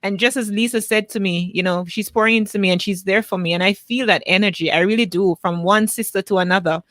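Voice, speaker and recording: A woman's voice: medium pitch, quick pace, a bit bright, no room sound. A woman with a Jamaican accent hosting a podcast, earnestly thanking her guest and addressing her community. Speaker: podcast host. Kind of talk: interview closing.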